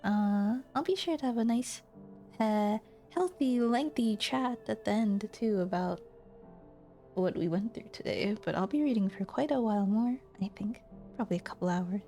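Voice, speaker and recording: A friendly woman streamer talks casually to her chat between game lines, thanking viewers and laughing lightly. Her voice sits at a middling pitch and comes through a close desk mic. Quiet game music plays underneath. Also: animated, moderate pace.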